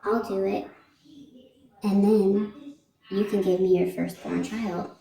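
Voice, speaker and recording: A woman puts on a scheming male imp who bargains and presses his demands. The voice is gravelly and flat in pitch, with a dark tone, and the room adds a noticeable echo. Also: slow pace. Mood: insistent. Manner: pushy, bargaining.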